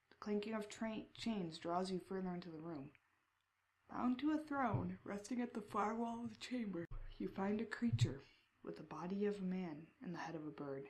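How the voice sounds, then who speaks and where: A woman playing a text adventure, reading the descriptions aloud and breaking into excited reactions. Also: lowish voice. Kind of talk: casual game playthrough.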